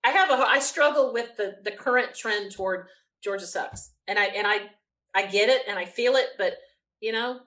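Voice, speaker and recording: Lively woman telling a story. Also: medium pitch, low-quality recording. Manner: lively, quick storyteller who laughs often. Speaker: interview guest. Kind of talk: animated anecdote telling.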